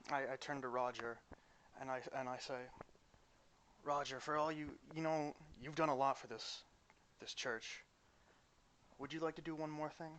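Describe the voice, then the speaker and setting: A man at a tabletop game, mid-pitched and soft-spoken, who stammers a little as he puts his requests to the other characters. A faint hiss lies under his voice. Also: fairly even intonation, moderate pace, pauses often, low-quality recording. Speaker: tabletop player. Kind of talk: casual game chat.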